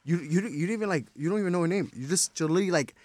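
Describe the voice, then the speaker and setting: Fast-talking New bartender man. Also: high-pitched, a little mellow, dry recording. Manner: fast, loose talk full of likes. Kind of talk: casual chat.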